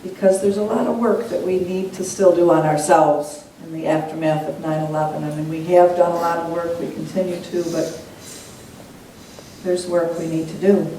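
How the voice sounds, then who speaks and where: A woman's voice: steady tone, normal speed, warm tone. Earnest woman minister in an echoey hall. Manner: earnest, reflective teaching tone. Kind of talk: sermon. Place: church sanctuary. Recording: echoey church hall, mic at a distance, faint rumble.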